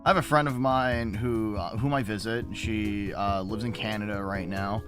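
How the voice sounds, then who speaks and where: A man's voice: fairly low pitch, fairly even intonation, normal speed, over music. A man streaming and chatting casually with viewers, rambling with frequent restarts and plenty of swearing. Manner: rambling, profane, self-interrupting.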